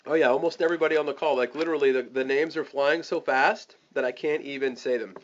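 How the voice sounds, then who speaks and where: A man teaching a webinar, giving energetic step-by-step sales coaching and acting out the scripts for his listeners. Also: medium pitch, fast, highs cut off. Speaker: online marketing coach.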